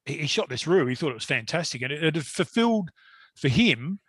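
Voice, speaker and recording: A man's voice: on the high side, very animated, brisk, a bit bright, slightly rough, no room sound, studio quality. A middle-aged Australian man telling a long story in casual conversation, rambling and laughing often. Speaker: guest hunter.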